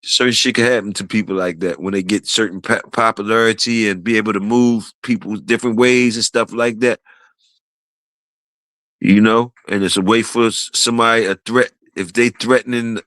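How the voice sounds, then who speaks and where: A man's voice: on the low side, fairly bright tone, dry recording, rough recording. Rambling profane man on a livestream. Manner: rambling, profane, laughing, quotes others animatedly. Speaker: streamer host. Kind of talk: casual livestream chat.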